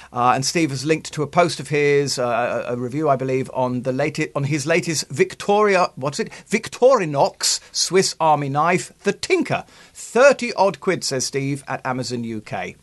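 A man co-hosting a casual podcast, reading listener tips and trading anecdotes. His pitch swings widely, lively and playful, sitting a little high. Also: normal speed, few pauses. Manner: chatty, playful, breaks into put-on voices for anecdotes. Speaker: podcast co-host.

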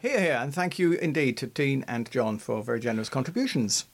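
A man's voice: medium pitch, brisk. A man co-hosting a podcast, chatting casually and telling stories with exasperation. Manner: animated, exasperated storytelling. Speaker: podcast co-host. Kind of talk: casual chat.

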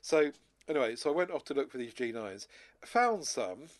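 A man's voice: mid-range voice, big pitch swings, moderate pace. A man co-hosting a casual chat show, rambling and restarting his sentences often. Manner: rambling, many restarts and repeated words. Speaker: podcast co-host.

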